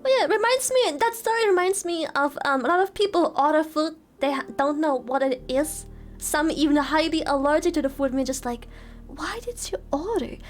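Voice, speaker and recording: A woman's voice: high-pitched, fairly quick, faint music behind. A woman streamer in casual chat, telling rambling stories with lots of laughter and swearing.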